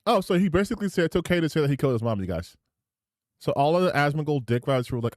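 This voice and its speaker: A man's voice: on the high side, very animated, very fast, darkish tone, no room sound. A man streaming reaction commentary over clips, indignant and sarcastic, swearing freely into a close desk mic.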